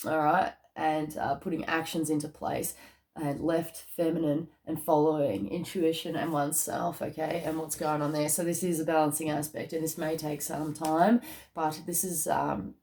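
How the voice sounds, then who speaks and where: A woman's voice: sits low, level tone, normal speed, a little mellow. Chatty woman giving a card reading. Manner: chatty, tags lines with "okay?" and "all right?"; emotional, easily moved. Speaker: psychic card reader. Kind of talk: casual spiritual card reading to camera.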